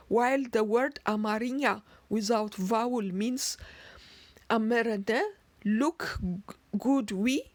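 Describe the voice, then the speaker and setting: A woman explains the roots of words in a measured lecture. She talks very slowly and stops now and then to restart a phrase. Her voice sits a little high, and the close recording is dry with no room sound. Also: no room sound. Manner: slow, deliberate delivery with occasional restarts. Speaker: narrator. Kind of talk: slow explanatory lecture on word origins.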